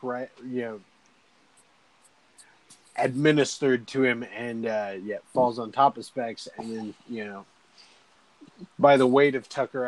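A man's voice: medium pitch, low-quality recording. A young man casually recapping a movie in a rambling, laid-back way, swearing often.

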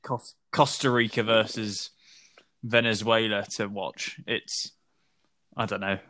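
A man's voice: lowish voice, steady tone, slow, bright, forceful tone, dry recording. A man co-hosting a podcast, hesitant and self-deprecating in casual chat. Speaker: podcast co-host.

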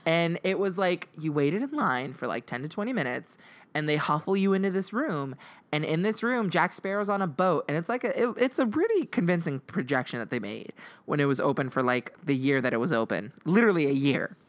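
A woman's voice: sits low, sing-song, brisk. A woman chatting casually with friends, skeptical and sarcastic, acting out quoted lines as she talks. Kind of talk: casual chat among friends.

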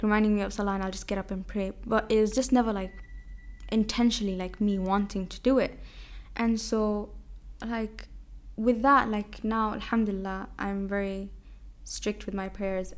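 A woman's voice: medium pitch, steady tone, normal speed. A young woman hosting a podcast, telling a personal story in a casual, chatty way, with Arabic religious phrases mixed into her speech. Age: young adult. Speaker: podcast host. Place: home, a cat heard nearby.

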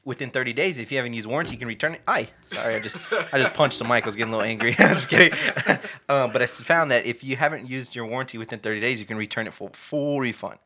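A man's voice: mid-range voice, very fast. A young man hosting a casual podcast, telling stories with plenty of laughter. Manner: animated storyteller, laughs often. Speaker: podcast host.

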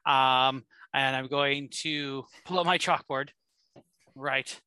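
A man's voice: medium pitch, slow, bright, forceful tone, dry recording. A man playing a tabletop game over a call, describing his character's actions with laughs. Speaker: player.

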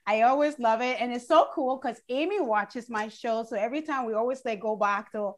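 A woman hosting a casual online chat show, effusive and gushing with excitement about her guest. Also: on the high side, brisk. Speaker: show host.

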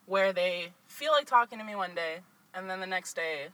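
Californian co-host, bright animated voice, upturned endings, casual chat. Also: mid-range voice, normal speed, rough recording. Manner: lively and expressive, laughs easily, rising endings. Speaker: podcast co-host.

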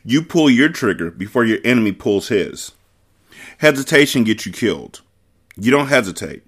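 A man's voice: medium pitch, big pitch swings, moderate pace. Man voicing fierce protective aunt. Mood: stern. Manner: firm, urgent, tender. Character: fierce grieving aunt, protective young woman.

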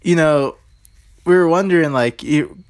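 A man's voice: on the high side, measured pace. A man telling a childhood story to his viewers in a rambling, casual way, full of "like" and fillers. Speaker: vlogger.

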